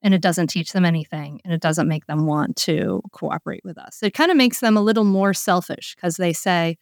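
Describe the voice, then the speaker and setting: A woman's voice: lowish voice, fairly quick, vocal fry, no room sound, clean studio sound. A woman working as a parenting coach, explaining earnestly and often checking in with "right?". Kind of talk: coaching conversation.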